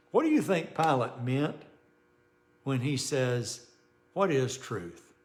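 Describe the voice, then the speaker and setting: A pastor leads a relaxed Bible study, his medium-pitched voice chatting informally. He often restarts his sentences and chuckles while reading scripture aloud.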